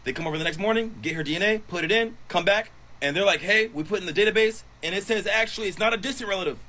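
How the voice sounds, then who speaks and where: A man casually retelling a story, animated and acting out the quotes with cursing. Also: high voice, very fast, rough recording. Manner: animated, swears, acts out quotes. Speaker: storyteller on social video.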